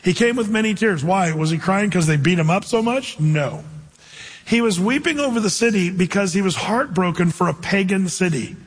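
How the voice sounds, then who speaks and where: Pastor guy preaching, lively, acts out voices, kinda breathy tone, big reverby church. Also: sits high, moderate pace. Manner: animated, acts out quoted voices, asks the audience questions. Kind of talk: sermon.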